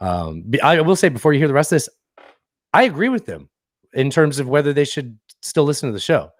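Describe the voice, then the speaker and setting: A man's voice: a little high, very animated, brisk, no echo, studio quality. A man co-hosting a podcast, rambling and swearing freely as he reads a listener review aloud. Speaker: podcast co-host. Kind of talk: casual podcast banter.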